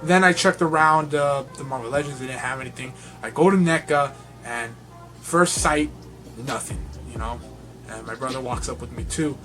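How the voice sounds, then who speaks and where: A young man vlogging about toy collecting, telling a rambling, excitable story and laughing often. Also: medium pitch, moderate pace, soft background music. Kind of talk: casual vlog storytelling.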